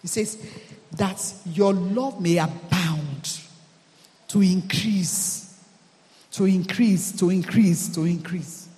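A man's voice: sits high, warm tone, in a large hall. A man preaching a sermon as pastor, emphatic and repetitive, building his points in rhythmic lists. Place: church hall.

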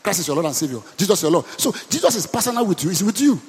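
A man's voice: high voice, sing-song, very fast, breathy edge, in a large hall. A man with a Nigerian accent, a pastor preaching a sermon with emphatic call-and-response to his congregation.

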